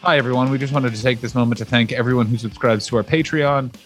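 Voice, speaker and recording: A man's voice: medium pitch, steady tone, fast, fairly bright tone, soft background music. A man co-hosting a comedy podcast, talking in a crude, rambling, joking way from the corner of his living room. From Canada. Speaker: podcast co-host. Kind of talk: casual comedic chat.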